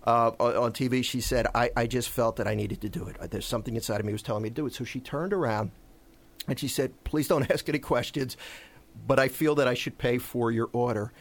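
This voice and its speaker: Male radio host, mid-pitched, earnest storyteller in studio. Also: steady tone, fast talker. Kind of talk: radio talk show chat.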